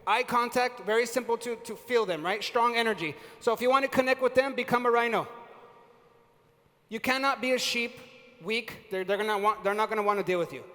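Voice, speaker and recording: A man giving an energetic live seminar on sales and leadership, quizzing the audience and using casual slang. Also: very high-pitched, brisk. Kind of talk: live motivational seminar talk. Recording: reverberant hall.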